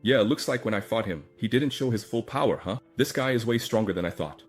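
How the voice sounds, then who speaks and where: A shrewd middle-aged clan father , voiced by a narrator, confides plainly and matter-of-factly. His voice is low, with soft music under it. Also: a little fast, breathy edge. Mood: confiding.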